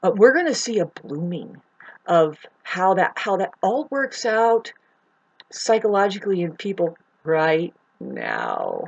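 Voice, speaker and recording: A woman talks to her camera from home, rambling through a spiritual monologue. Her voice is lively and swings widely in pitch. She swears freely and breaks into emphatic outbursts. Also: unhurried, creaky, breathy edge, lo-fi sound. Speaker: spiritual astrology vlogger.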